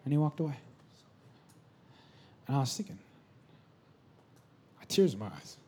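A man in his thirties, a pastor preaching a sermon in a church, moving between loud exclamations and soft whispered asides. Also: medium pitch, big pitch swings, normal speed, slightly rough. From California. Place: church sanctuary.

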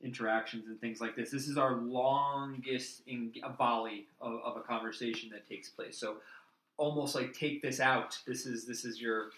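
A man co-hosting a casual book discussion podcast. He speaks haltingly and repeats words while he thinks. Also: mid-range voice, steady tone, fairly bright tone. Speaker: podcast co-host. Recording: roomy echo.

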